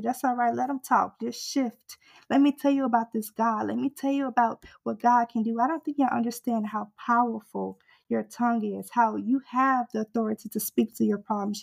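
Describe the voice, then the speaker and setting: A woman's voice: on the high side, gravelly, darkish tone. A woman preaching a sermon with fervent, rhythmic exhortation that builds in intensity through repeated refrains.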